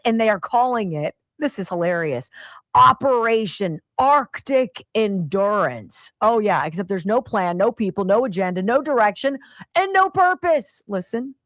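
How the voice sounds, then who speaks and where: A woman's voice: medium pitch, sing-song, unhurried, fairly bright tone, no room sound. A woman hosting a talk radio show, giving opinionated commentary with exclamatory, mocking asides.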